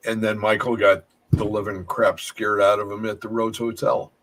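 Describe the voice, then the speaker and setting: A man's voice: on the low side, level tone, moderate pace, a bit bright, rough recording. A man telling paranormal stories in a casual chat, rambling and restarting his sentences often. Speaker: paranormal investigator.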